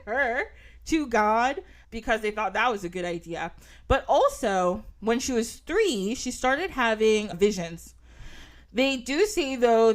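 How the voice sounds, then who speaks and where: A young woman hosting a podcast, telling stories in casual chat, laughing often and acting out voices in her quotes. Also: on the high side. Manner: giggly, storytelling, animated quoted voices. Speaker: podcast host.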